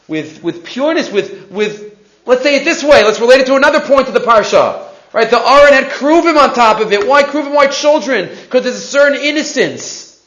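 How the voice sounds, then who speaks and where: A man giving a storytelling sermon, animated and acting out the characters as he speaks. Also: very high voice. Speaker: rabbi or teacher giving a sermon. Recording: echoey muffled recording.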